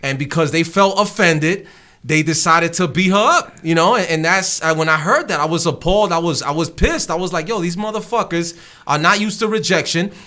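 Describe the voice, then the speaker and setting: A man co-hosts a casual podcast, making his points earnestly with restarts and plenty of agreement. His voice is fairly high and sounds bright. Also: brisk. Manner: earnest, many backchannel yeahs, restarts when making a point. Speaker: podcast co-host. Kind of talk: casual chat.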